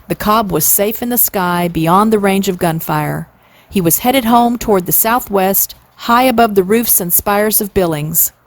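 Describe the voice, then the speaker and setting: A woman in her sixties reading a classic children's novel aloud, expressive and playing up the sound words. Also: mid-range voice, dry recording. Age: 60s. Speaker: storyteller.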